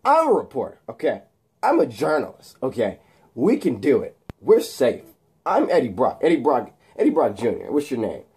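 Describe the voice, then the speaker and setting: A man's voice: medium pitch, huge pitch swings, moderate pace, darkish tone, husky, heavily acted. A man voicing a passionate, pushy male reporter who keeps insisting and repeating himself. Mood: urging.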